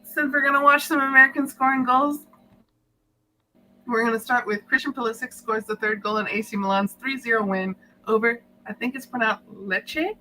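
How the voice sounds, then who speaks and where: A woman hosting a casual sports podcast, running through goal highlights and laughing often. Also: steady tone, moderate pace, bright, forceful tone, low-quality recording. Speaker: podcast host.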